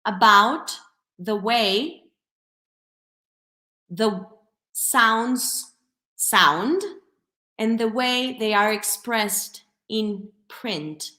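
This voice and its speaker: Lively woman teaching phonics over webcam. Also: fairly high pitch, very slow, pauses often. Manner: lively, demonstrative, sounds out phonemes. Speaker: teacher trainer. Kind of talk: online teacher training talk. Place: home room, alone at computer. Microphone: computer webcam mic. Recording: echoey room.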